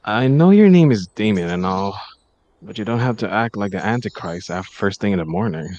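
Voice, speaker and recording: A man's voice: lowish voice, big pitch swings, normal speed, dark tone, clear, resonant tone, no echo, highs cut off. A man voicing a sleepy, wry young man in a live story reading, joking dryly.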